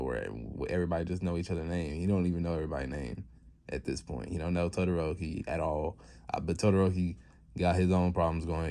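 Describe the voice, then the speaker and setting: A man's voice: low-pitched, darkish tone. A man casually recapping a story, rambling and slangy, full of fillers and restarts. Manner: rambling, loose slangy delivery with many fillers. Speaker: channel host recapping a fan story.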